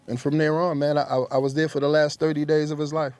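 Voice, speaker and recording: A man's voice: a little high, fast talker, dry recording. A middle-aged man, a rapper telling stories in an interview and acting out what others said. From New York. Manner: acts out quotes in lively voices. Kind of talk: animated storytelling.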